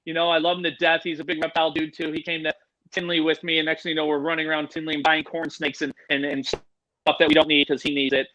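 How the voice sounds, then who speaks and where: A middle-aged man, telling animated stories on a podcast, swearing freely and acting out the other people's voices. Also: on the high side, fast, dry recording, low-quality recording. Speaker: podcast guest, animal educator. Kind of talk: casual storytelling.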